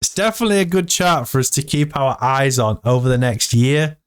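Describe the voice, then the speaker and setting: A man giving casual, excitable commentary to his viewers while reading through a crypto AMA. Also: medium pitch, brisk, clear, resonant tone. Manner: excitable, hyped, talks to viewers as "team". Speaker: crypto vlogger.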